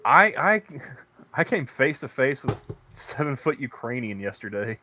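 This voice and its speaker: A man's voice: medium pitch, sing-song, measured pace, noisy background. A man co-hosting a casual podcast chat, rambling through stories with many restarts. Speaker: podcast co-host; convenience store worker.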